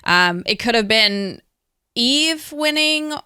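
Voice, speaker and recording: Woman in her 30s, interview guest; bright, tense tone, close and dry sound; animated storyteller. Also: on the high side, slow, smooth, no echo. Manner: animated, acts out quotes, says "like" often. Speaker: interview guest, former pro wrestler. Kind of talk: casual storytelling.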